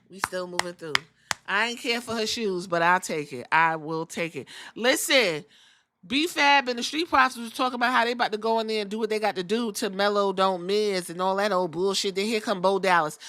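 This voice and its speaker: A woman's voice: medium pitch, sharp tone, no echo. A woman hosting a podcast, recapping wrestling in a sassy, profane way and mimicking the wrestlers. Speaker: podcast host.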